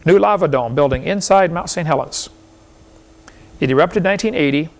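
Guy giving a folksy lecture, kinda gravelly voice, keeps asking rhetorical questions. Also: fairly high pitch, moderate pace. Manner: folksy, argumentative, fires rhetorical questions, chuckles often. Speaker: seminar lecturer. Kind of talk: lecture to a live audience.

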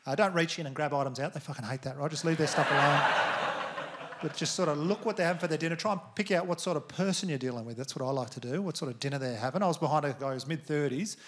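Australian comic telling crude stories live. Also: male voice, a little high, fast talker, a bit bright. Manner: crude, conversational storytelling to a live crowd. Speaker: stand-up comedian. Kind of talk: stand-up comedy set. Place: comedy venue stage. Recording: live venue with audience noise. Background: audience laughter.

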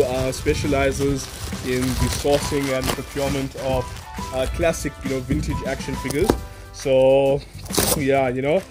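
A man in his thirties from Africa, gushing excitedly in a casual outdoor unboxing vlog, repeating words and laughing often. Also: mid-range voice. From South Africa. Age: 30s. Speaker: toy reviewer. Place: outdoors in a yard.

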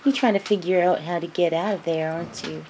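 A woman's voice: on the low side, fairly even intonation, fairly quick, noisy background. A woman cooing to her puppies in sing-song baby talk while filming them on a home video. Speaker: dog breeder filming puppies.

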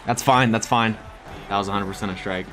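A young man giving lively, excitable commentary on his own baseball video game, switching between hype shouts and muttered asides. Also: fairly low pitch, a little fast. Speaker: gaming YouTuber. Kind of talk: excited live gameplay commentary. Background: background music.

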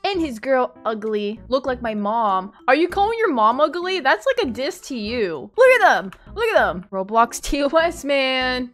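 A woman's voice: high voice, sing-song, unhurried, fairly bright tone. A young woman giving sassy, teasing commentary over her gameplay, swinging between mock outrage and giggles. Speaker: gaming YouTuber.

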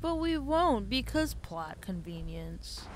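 A woman's voice: mid-range voice, big pitch swings, slow pace, slight background noise, low-quality recording. A young woman giving dry, chatty commentary while watching a game. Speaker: let's play co-host. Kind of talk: casual gameplay commentary.

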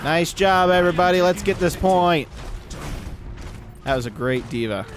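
A man giving live gameplay commentary as a channel host, excitable, swearing and yelling at the game. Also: sits high, moderate pace, a little hiss or hum. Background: game music and sounds.

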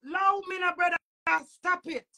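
A woman's voice: very high-pitched, steady tone, measured pace, pushed and bright. A woman with a Jamaican accent, a vlogger delivering an agitated, repetitive emotional rant full of swearing.

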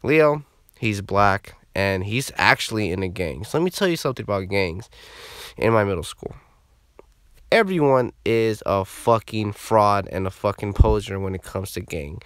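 A man telling a story from his school days in a casual, profane and animated way. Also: fairly low pitch, normal speed, clear, resonant tone, no echo.

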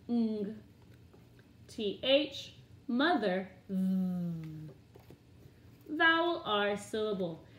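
Slow, deliberate woman teaching phonics. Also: fairly high pitch, fairly bright tone, slight background noise. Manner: slow, deliberate enunciation of letters and sounds. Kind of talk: phonics drill lesson. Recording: echoey room.

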